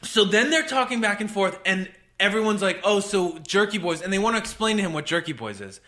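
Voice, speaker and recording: A man in his thirties telling a comedic story on a podcast, animated, incredulous and profane. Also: high-pitched, fast talker. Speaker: podcast co-host.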